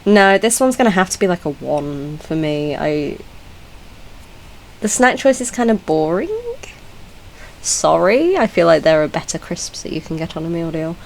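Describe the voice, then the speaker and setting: A woman's voice: deep voice, lively intonation, normal speed, vocal fry, poor audio. A British woman giving casual reaction commentary as a YouTuber, chatty and blunt, laughing often and correcting herself mid-sentence. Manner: chatty, blunt and giggly, with frequent self-corrections.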